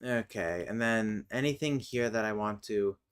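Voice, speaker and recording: Keyboard clicks and typing fill the background as a woman with a rumbling low, clear and resonant voice chats casually on stream. She's building a constructed language, muttering slowly to herself as she looks things up.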